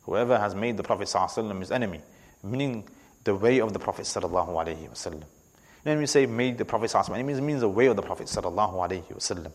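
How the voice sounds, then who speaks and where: A man's voice: lowish voice, lively intonation, racing. A man teaching scripture in a weekly class, speaking with emphasis, repeating key words and often checking in with "right?". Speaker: religious teacher. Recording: long echoing reverb of a hall.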